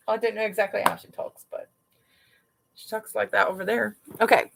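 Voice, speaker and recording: Gravelly-voiced mom chatting while decluttering. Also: female voice, mid-range voice, steady tone, moderate pace, a little hiss or hum, rough recording. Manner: chatty, rambling, thinks aloud while sorting. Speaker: mom vlogger hosting a livestream. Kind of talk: casual live decluttering chat. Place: home dining room.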